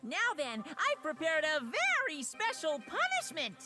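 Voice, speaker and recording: A woman voicing a gleeful, mocking male bear mascot villain in a visual novel, in a slow sing-song voice. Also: sits high, wildly swooping pitch, over loud music, pitched above the performer's own voice, exaggerated voice.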